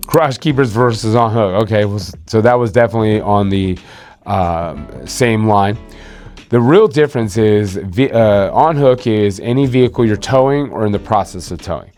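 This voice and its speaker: A man with a fairly low voice talks through insurance coverage like he's chatting with a client. He leans on fillers and restarts his sentences. Faint music sits under the voice. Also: darkish tone. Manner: conversational, with many fillers and restarts. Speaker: insurance agent hosting a video series. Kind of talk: casual explainer talk.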